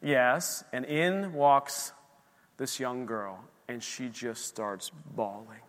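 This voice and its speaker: A middle-aged man preaching a sermon as pastor, swinging between loud emphatic lines and hushed storytelling. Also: medium pitch, lively intonation, slow. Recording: long hall reverb.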